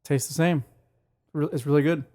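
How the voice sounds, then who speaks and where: A man's voice: a little high, fairly even intonation, moderate pace, dark tone. Easygoing man co-hosting a podcast. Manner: easygoing, offhand, jokey. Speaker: podcast co-host. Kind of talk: casual chat.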